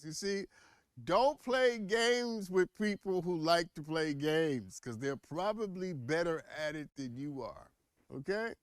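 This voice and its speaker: A man hosting an opinionated news commentary show, teasing and animated, full of rhetorical questions and playful asides. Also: fairly high pitch, no room sound, studio quality.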